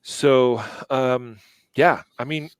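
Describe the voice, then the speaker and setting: A man's voice: mid-range voice, steady tone, extremely slow, smooth, no room sound. A man co-hosting a casual news commentary, thinking aloud with many fillers and hesitations. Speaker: co-host.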